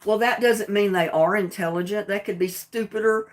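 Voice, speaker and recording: A middle-aged woman with a proud Southern US accent chats on her livestream. She is plainspoken and emphatic, pressing her points with defiance, and her voice sits at an ordinary middle pitch. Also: steady tone, normal speed. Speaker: livestream host. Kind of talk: casual livestream talk.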